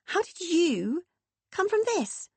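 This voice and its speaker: Uneasy teen girl with a high voice, a woman reader doing her, dry close sound. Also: big pitch swings, takes it slowly, dry recording, heavily acted. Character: teenage English girl, blunt and uneasy.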